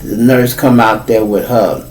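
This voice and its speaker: A man's voice: on the low side, measured pace, distant mic, slight background noise, poor audio. A man with a Chicago accent hosting a podcast, telling a story in a loose, profane monologue and acting out the people he quotes. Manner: profane, animated, acts out quoted voices. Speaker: podcast host.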